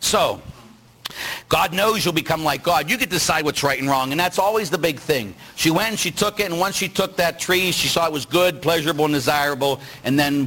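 A man's voice: fairly high pitch, fairly bright tone, slightly rough, rough recording. A middle-aged man, a priest, preaching a sermon with rhetorical questions and acted-out voices. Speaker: Catholic priest.

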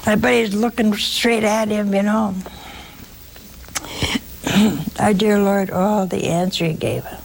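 A woman's voice: medium pitch, steady tone, slow, creaky, long pauses, poor audio. A woman preaching a sermon in a folksy, humorous way, acting out the scripture stories as she goes.

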